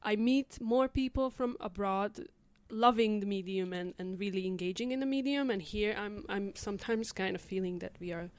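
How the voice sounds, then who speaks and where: A young woman from Hungary talks in a casual, halting way, leaning on lots of fillers. Her voice is smooth and clear, in a mid register. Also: medium pitch, no room sound. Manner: chatty and hesitant, many fillers. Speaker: community radio member. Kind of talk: casual conversation.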